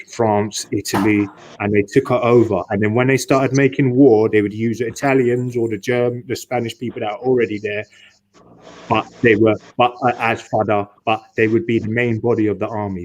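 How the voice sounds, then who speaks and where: A man's voice: lowish voice, fairly even intonation, normal speed, a little hiss or hum, poor audio. A man talking at length in a casual online discussion. He repeats and restarts his words often and swears for emphasis. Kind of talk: rambling casual monologue.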